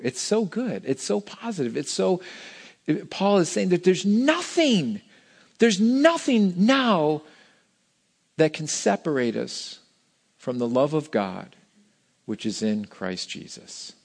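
A man's voice: a little high, creaky, a little mellow. A middle-aged man preaching a sermon in a church, talking in a conversational, emphatic way and often restarting his phrases. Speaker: pastor.

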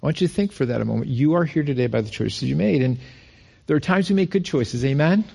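A middle-aged male pastor from Rochester, New York, preaching a sermon and acting out quoted lines with rising pitch. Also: fast, creaky, mellow, husky.

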